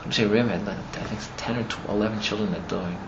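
A man teaching a class as he retells a story, rambling and filling his talk with "you know", and growing animated as the story builds. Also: fairly low pitch, fast. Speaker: religious teacher. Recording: muffled with steady background noise.

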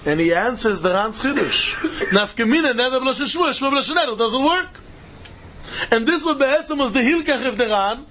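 A man's voice: very high voice, lively intonation, moderate pace, sharp tone, slight background noise. A man giving a Talmud study lecture in a sing-song style, mixing in Yiddish and Hebrew terms and rising into questions. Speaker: Talmud teacher.

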